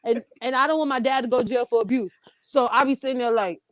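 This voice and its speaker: Woman, co-host, casual chat, blunt, swears freely, slightly high voice, dry close sound. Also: quick pace, a bit bright, no room sound. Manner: blunt and profane, acts out her own past reactions.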